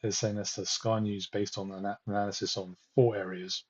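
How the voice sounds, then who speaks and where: A man with a fairly low, husky voice rants through election results on a live stream. He talks straight to his viewers, exasperated and scornful. The sound is dull and lo-fi. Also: flat delivery, a little fast. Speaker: political livestream host.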